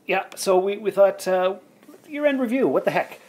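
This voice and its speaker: A man's voice: expressive, normal speed, darkish tone. Playful rambling male podcast host. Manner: jokey, rambling, with playful pitch jumps. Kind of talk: casual chat.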